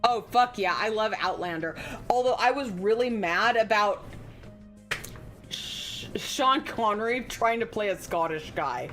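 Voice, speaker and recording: A woman's voice: mid-range voice, animated, measured pace, a bit bright, soft background music. A woman streaming a game live, chatting casually in a rambling way and swearing freely.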